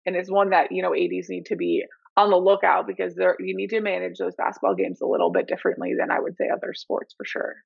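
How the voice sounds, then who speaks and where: Podcast co-host, gravelly voice, muffled lo-fi sound, casual chat. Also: medium pitch, flat delivery, fast talker, few pauses, no room sound. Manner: frequent short agreements.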